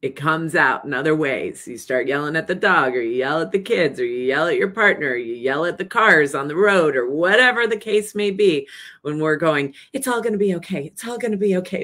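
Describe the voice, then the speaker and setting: A middle-aged woman with a low voice talks earnestly and plainly to her viewers in a casual weekly video. She shares her reflections in an unpolished way and now and then acts out anxious or falsely soothing inner voices. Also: fairly bright tone. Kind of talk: casual reflective talk to camera.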